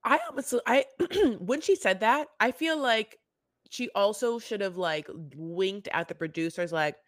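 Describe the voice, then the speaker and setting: A woman co-hosting a podcast, talking in animated, rambling casual chat with frequent restarts. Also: mid-range voice, unhurried, no room sound, studio quality. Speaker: podcast co-host.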